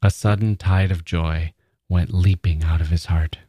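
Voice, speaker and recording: A man hosting a podcast, reading a story in a measured, reflective way and commenting on it. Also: deep voice, fairly even intonation, mellow, husky, no room sound, clean studio sound. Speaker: podcast host.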